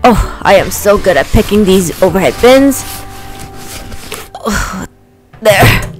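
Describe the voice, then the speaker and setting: Woman doing a lower dad voice, steady and helpful, toy doll story, soft music behind. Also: slow pace. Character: helpful dad, man, middle-aged.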